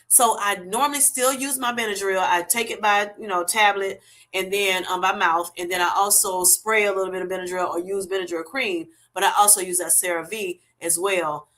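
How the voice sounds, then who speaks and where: Bright-voiced chatty woman livestream host. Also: mid-range voice, fairly even intonation, normal speed. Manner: chatty and affectionate, thanks viewers by name. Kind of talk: casual livestream chat, reading comments.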